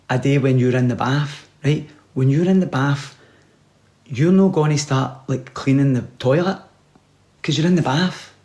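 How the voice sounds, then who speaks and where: A man giving rambling, deadpan comic advice, sometimes dropping to a whisper. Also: a little high. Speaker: comedian. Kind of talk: comic monologue.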